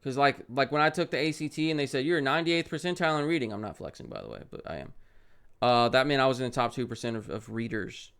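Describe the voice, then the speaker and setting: A young man streaming a parenting game, reading its text aloud and reacting with loud outbursts and muttered asides. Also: mid-range voice, expressive, fast talker, gravelly, clear, resonant tone.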